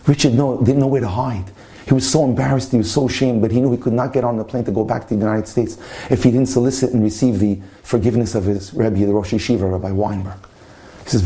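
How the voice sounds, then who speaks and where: A man's voice: lowish voice, fairly even intonation, fairly quick, warm tone. A man, a rabbi and lecturer, telling a story with passionate, dramatic storytelling.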